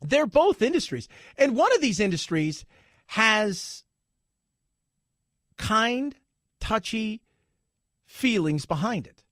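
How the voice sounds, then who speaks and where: A man's voice: sits high, very animated, takes it slowly, long pauses, a bit bright, no room sound, studio quality. A man hosting talk radio, giving an opinionated, sarcastic monologue and putting on mocking voices now and then. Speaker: radio talk show host.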